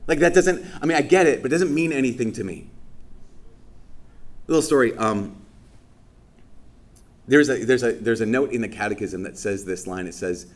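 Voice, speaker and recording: A male priest preaching a homily at Mass in a relaxed, chatty way. His voice sits at an ordinary middle pitch, and he keeps it lively with filler words and playful acted-out asides. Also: brisk. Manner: casual and lively, full of fillers, acts out people's reactions in quoted asides. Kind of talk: conversational sermon. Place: church during Mass.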